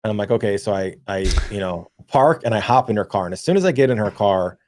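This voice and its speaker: A man's voice: on the low side, expressive, quick pace, darkish tone. Rambling, profane man telling a story. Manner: rambling, profane, many fillers. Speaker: podcast co-host. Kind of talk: casual storytelling.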